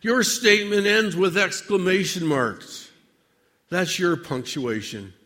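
A man preaching a dramatic sermon monologue addressed to God, with measured, theatrical delivery and long pauses. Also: a little high, sharp tone, big-room sound.

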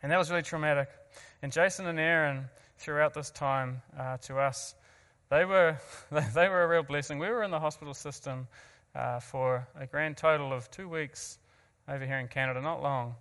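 Man, New Zealand accent, earnest testimony to an audience, restarts his sentences, slightly high-pitched, long hall echo. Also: normal speed, hardly any pauses, fairly bright tone. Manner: earnest, self-mocking asides, frequent restarts. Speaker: guest speaker.

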